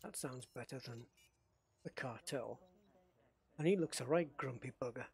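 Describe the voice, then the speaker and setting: A man's voice: mid-range voice, moderate pace, vocal fry, darkish tone, husky. A man chatting casually while streaming a space game, greeting viewers by name and thinking aloud. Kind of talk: casual live-stream chat.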